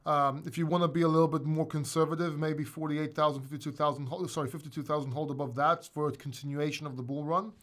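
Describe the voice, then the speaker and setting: Animated, higher-voiced male host. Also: quick pace, hardly any pauses. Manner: animated, emphatic, blunt, swears. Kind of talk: casual livestream chat.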